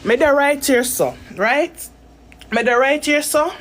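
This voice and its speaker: A woman's voice: high voice, lively intonation, unhurried. A Jamaican woman talking straight to her viewers in a rambling, emotional rant full of swearing. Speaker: content creator. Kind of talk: casual talk to camera.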